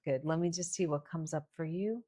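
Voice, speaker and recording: A woman's voice: deep voice, brisk, warm tone. A woman hosting a live wellness stream, chatting with callers in a friendly, reassuring way. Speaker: livestream host. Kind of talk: casual live stream chat.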